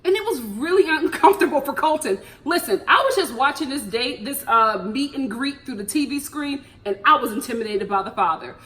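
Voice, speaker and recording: Animated chatty woman with swooping pitch. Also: a little fast, hardly any pauses. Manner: animated, laughing, swoops high for emphasis. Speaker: TV recap vlogger. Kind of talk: casual chatty TV recap.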